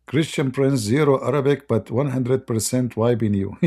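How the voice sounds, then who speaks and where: A man hosting a casual livestream chat, mocking and sarcastic, with a voice going hoarse. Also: mid-range voice, steady tone, unhurried, hardly any pauses, dark tone. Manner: mocking, sarcastic banter with frequent laughter. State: hoarse, losing his voice. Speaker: livestream debate host. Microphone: close desk microphone.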